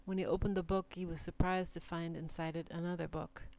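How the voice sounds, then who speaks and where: A woman giving a measured, deliberate reading of short numbered literary passages. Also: on the low side, flat delivery, a little mellow. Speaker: reader.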